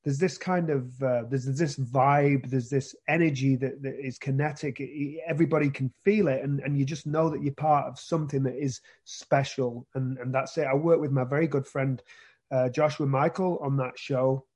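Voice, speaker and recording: A man's voice: medium pitch, steady tone, normal speed, darkish tone, breathy edge. A British man being interviewed about his acting career, talking casually with many restarts and repeated words. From Britain. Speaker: actor guest.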